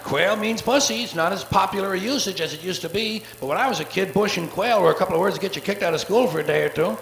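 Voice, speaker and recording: A man doing a live stand-up routine, profane and sardonic, with rapid-fire wordplay, on a theater stage before an audience. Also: high-pitched, creaky, fairly bright tone. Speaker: stand-up comedian. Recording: echoey live soundboard tape with faint hiss.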